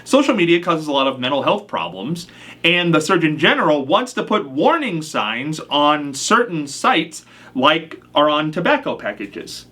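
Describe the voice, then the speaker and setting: Lively bright-voiced male radio host. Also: a little high, a little slow. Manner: lively, teasing, laughs often. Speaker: radio talk show host. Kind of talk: casual on-air chat.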